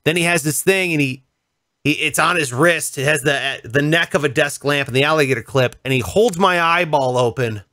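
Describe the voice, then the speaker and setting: A male radio host in casual conversation, telling a story in an animated way and acting out voices and sounds. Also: fairly high pitch, normal speed, dry recording, studio quality. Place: radio studio.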